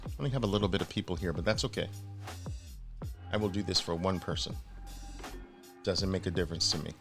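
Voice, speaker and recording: A man's voice: deep voice, fast talker, music in the background. A man hosting a live online trading presentation, energetically hyping his viewers with repeated rallying calls before settling into explaining. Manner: greets viewers by place names, then settles into explaining.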